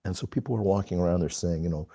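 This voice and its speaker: A middle-aged man on a video call, telling a personal story in a halting, reflective way with many pauses. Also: sits low, dark tone, husky, dry recording. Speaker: call participant. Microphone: video call mic.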